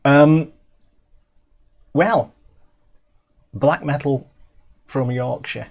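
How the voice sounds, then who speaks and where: Speaking very slowly in a creaky, darkish mid-range voice, a middle-aged Englishman chats about a music video he's reviewing. He's casual and self-interrupting, with many restarts and plenty of ums.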